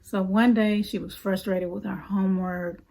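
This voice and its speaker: A woman parenting coach giving earnest, conversational advice to camera, sometimes dropping into soft asides as her own inner voice. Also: medium pitch, steady tone, normal speed, creaky.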